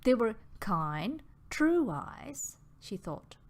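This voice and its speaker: A woman narrates an audiobook in a soft, unhurried way, often dropping near a whisper. Her voice sits fairly high and moves in a lively, expressive melody while she takes her time.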